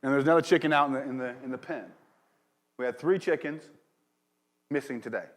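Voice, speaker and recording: A man's voice: mid-range voice, fairly quick. Pastor, man, loose conversational sermon delivery, mid-range voice. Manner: casual, rambling, laughs at his own story. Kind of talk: sermon with personal storytelling. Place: church.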